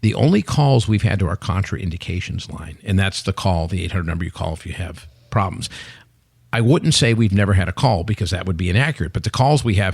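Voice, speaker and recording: A man in his sixties, a company CEO and guest, telling stories in an animated way and acting out quotes. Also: deep voice, fairly quick, vocal fry, slightly rough, dry recording, studio quality. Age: 60s. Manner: animated storyteller, acts out quotes. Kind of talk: podcast interview chat.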